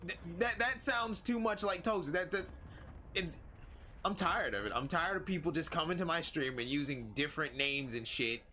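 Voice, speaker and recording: An excitable male streamer talks through his match in playful, casual chatter. His voice has a bright, forward edge. A faint hiss sits under the recording. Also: fairly high pitch, moderate pace. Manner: excitable and playful, yelping when startled. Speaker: livestreamer. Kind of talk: casual gameplay commentary.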